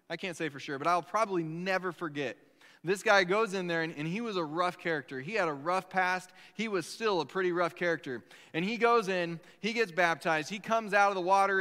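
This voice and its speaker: A man delivers a sermon in a relaxed storytelling way, circling back and restarting his sentences. His voice sits high and sounds bright and forward. Long reverb from the sanctuary trails every phrase. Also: smooth. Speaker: pastor.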